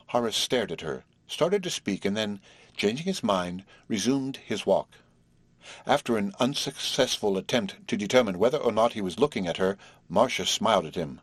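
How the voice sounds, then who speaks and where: A man narrating a classic short story as an audiobook, with a husky voice and measured, expressive delivery. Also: lowish voice, no room sound.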